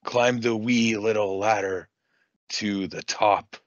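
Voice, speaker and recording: A man putting on the voice of an impish little male wrestler, slowly taunting in a sing-song way. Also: fairly low pitch, steady tone, dry recording. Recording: dull lo-fi audio.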